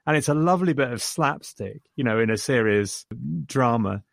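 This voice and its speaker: A man's voice: mid-range voice, lively intonation, normal speed, creaky, no room sound, clean studio sound. Chatty man reviewing a film. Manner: enthusiastic, chuckling retelling of scenes. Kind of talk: casual film discussion.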